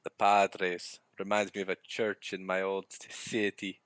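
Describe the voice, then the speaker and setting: A man's voice: deep voice, completely flat delivery, measured pace, a bit bright, clean tone, no room sound, pitched below the performer's own voice. A man putting on a rambling impression of an older male baseball manager giving a locker-room pep talk in a mangled French-Italian accent. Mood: hammy pep talk. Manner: hammy, rambling impression that keeps slipping. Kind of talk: comedic improvised bit on a podcast.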